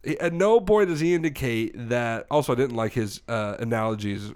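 A man co-hosts a podcast at a microphone. He chats in a joking, restless way and often trails off mid-thought. His voice sits in an ordinary middle pitch. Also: fairly quick, darkish tone, clean tone. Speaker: podcast co-host. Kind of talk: casual chat.

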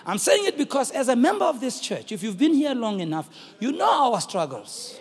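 South african pastor preaching, high gravelly voice, shouts and half-sings to the church. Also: male voice, very animated, moderate pace, in a large hall. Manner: preaching with shouted, sung-out exclamations to the congregation. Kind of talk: sermon.

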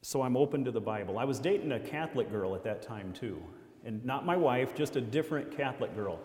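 A man's voice: medium pitch, animated, brisk, a little mellow. A man from Iowa sharing his faith testimony with a congregation, telling his story earnestly with self-deprecating humor. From Iowa, USA. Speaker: lay speaker giving a testimony. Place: church hall. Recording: echoey hall with long reverb.

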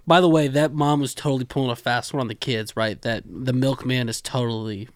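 A man's voice: medium pitch, steady tone, fairly quick, no room sound. Bantering man, dry close sound. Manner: argumentative, joking, crass. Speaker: podcast co-host. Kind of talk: casual chat.

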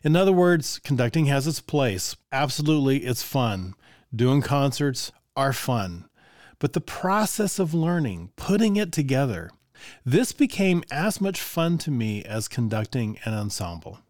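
An older man, a music teacher, telling stories from his classroom in a relaxed, conversational way with frequent chuckles and asides to the listener. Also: medium pitch, measured pace, dry recording, clean studio sound. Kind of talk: casual storytelling.

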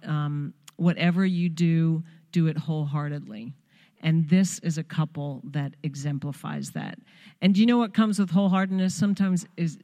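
A woman's voice: low voice, darkish tone. Long Island woman speaking in a reverberant sanctuary. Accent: Long Island New York. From Long Island, New York. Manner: earnest, emphatic, spiritual. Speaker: visiting pastor's wife. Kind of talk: church greeting and exhortation.

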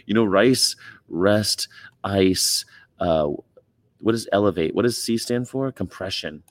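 A man's voice: on the low side, takes it slowly, no room sound. A man hosting a casual livestream, rambling and greeting viewers and reading their comments aloud. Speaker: livestream host.

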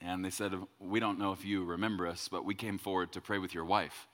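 A man's voice: low voice, steady tone, a little fast, fairly bright tone, long reverb tail. A middle-aged man, a pastor, telling a story in a sermon in a loose, conversational way. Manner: conversational, repeats words when quoting himself.

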